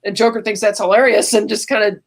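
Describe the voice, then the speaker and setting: This is a podcast co-host telling a film scene beat by beat over a video call. The delivery is chatty and animated. Bits of dialogue get quoted along the way. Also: mid-range voice, fast talker. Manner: animated storytelling, quoting scenes in passing. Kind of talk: casual movie recap chat.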